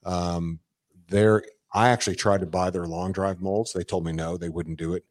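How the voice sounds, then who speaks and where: A man with a fairly low voice tells a loose, rambling story in casual conversation. He swears freely and keeps circling back with fillers and restarts. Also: little pitch movement, normal speed, darkish tone. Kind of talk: casual chat.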